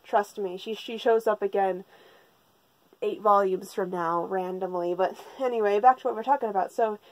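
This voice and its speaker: A woman's voice: mid-range voice, moderate pace, no echo, poor audio. Sarcastic, swearing woman with a dry sound. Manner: sarcastic and profane, rambling with restarts. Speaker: manga reviewer. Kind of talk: casual spoken recap.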